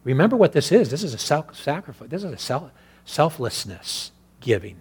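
Man, preacher, sermon, rhythmic repetition, hushed asides to loud exhortation, fairly high voice. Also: sing-song, normal speed, breathy edge. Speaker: pastor.

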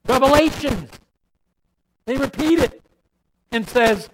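A man preaching a sermon, swinging between loud emphatic repetition and low quiet asides. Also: sing-song, normal speed, pauses often, a little hiss or hum, rough recording.

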